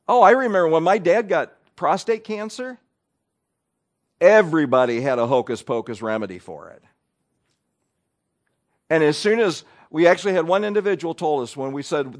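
A pastor preaching in a folksy, conversational way, wry and quick to act out people's voices. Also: male voice, a little high, expressive. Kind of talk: conversational sermon.

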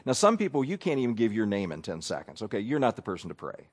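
A man's voice: on the low side, sing-song, fast talker, few pauses. Preacher guy giving a chatty sermon, wry and folksy, does little voices of people. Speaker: pastor. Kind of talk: conversational sermon.

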